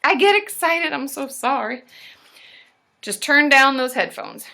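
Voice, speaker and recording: A woman hosting a live stream as a therapist, chatting casually and getting loud and excitable as she cheers. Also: high-pitched, unhurried, creaky.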